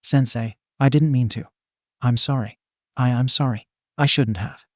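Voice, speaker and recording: A man's voice: mid-range voice, fairly even intonation, no room sound, studio quality, close to an everyday voice. A man voicing an anxious teenage girl student who stammers and halts through her words. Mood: tearful. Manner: halting, stammering.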